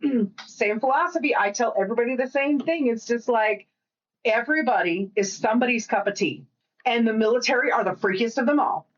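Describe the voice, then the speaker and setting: A woman co-hosting a podcast in casual chat, rambling and swearing freely with quick asides. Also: a little high, dull audio. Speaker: podcast co-host.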